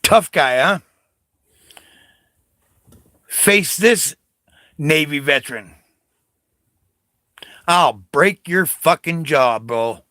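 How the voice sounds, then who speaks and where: A man's voice: on the high side, lively intonation, extremely slow, pauses often, bright, forceful tone, dry recording, clean studio sound. An older man from the United States, a Navy veteran, delivering an angry, profane political rant, confrontational and taunting.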